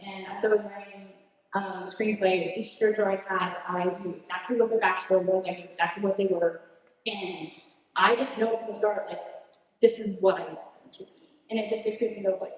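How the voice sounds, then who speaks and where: A young woman in her late teens giving an earnest, animated student presentation and answering questions, laughing at herself now and then. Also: medium pitch, brisk. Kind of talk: presentation speech and Q&A. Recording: echoey hall, distant mic.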